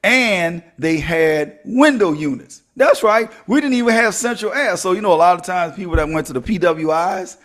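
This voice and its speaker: A middle-aged man leads a motivational podcast in a high, lively voice. He preaches, then jokes and calls out straight to his listeners. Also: moderate pace, hardly any pauses. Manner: animated, preachy, joking with listeners. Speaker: podcast host.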